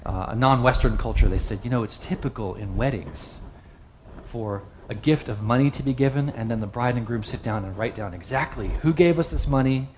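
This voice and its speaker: A man preaching a sermon in a relaxed, conversational way, often turning to ask his listeners questions. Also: mid-range voice, a little fast, a little hiss or hum. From the West. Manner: conversational, asks the audience questions.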